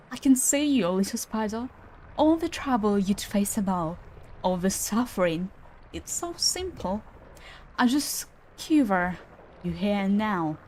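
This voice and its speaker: A woman's voice: mid-range voice, a little mellow, slight background noise, rough recording. A woman reading out a menacing creature's taunts to a captive spider in a mocking, gloating way. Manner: mocking, gloating read-aloud.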